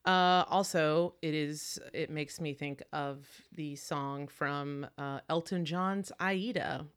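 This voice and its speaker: A woman's voice: low voice, fairly even intonation, slow pace, clean tone. A woman co-hosting a casual movie-talk show, chatty and opinionated, swearing freely. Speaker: podcast co-host.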